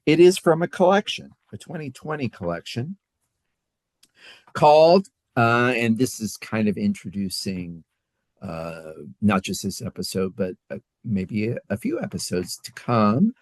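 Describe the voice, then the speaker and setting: Male podcast co-host, low voice, dry close sound, halting and full of fillers. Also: big pitch swings, no echo. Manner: halting, filler-heavy delivery. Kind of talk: casual chat.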